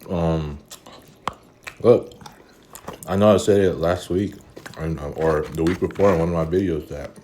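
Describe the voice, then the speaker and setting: A man's voice: deep voice, unhurried, long pauses, dark tone, a little hiss or hum. A man talking casually in a vlog, weary and rambling, with many fillers and restarts, and eating between sentences. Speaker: vlogger.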